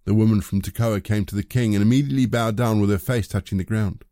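Dark-voiced male scripture reader. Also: fairly low pitch, steady tone, fast, no room sound, clean studio sound. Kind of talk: scripted narration.

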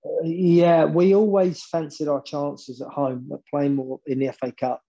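A man with a dark, mellow voice that sits a little high, telling football stories as a guest. He talks in an animated way and often repeats words while he builds up a point. The sound is dull and lo-fi. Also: a little slow. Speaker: former football manager, guest. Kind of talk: storytelling interview.

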